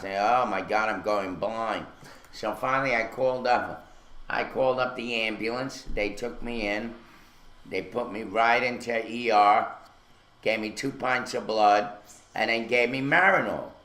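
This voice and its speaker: A man tells a winding story in casual radio chat, his voice bright and forceful. He stops often for "uh" and "um" and restarts his sentences. The studio around him sounds echoey and roomy. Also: on the low side, fairly even intonation, a little slow. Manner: rambling storyteller, many fillers. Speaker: radio show co-host.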